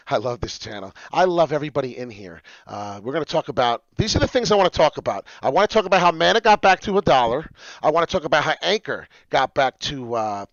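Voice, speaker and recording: A man from New Jersey hosting a crypto livestream, talking in an animated, passionate, rambling way. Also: fairly high pitch, quick pace, no room sound, lo-fi sound. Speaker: crypto channel host. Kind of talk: casual livestream chat.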